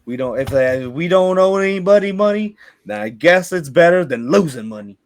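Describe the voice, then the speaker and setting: Hot-headed sword-swinging quest-giver, low grumbles, flustered as a game master puts him on. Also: male voice, lively intonation, normal speed, natural voice. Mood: gruff. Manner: flustered outbursts then low, grudging mutters. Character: temperamental male quest-giver with two swords.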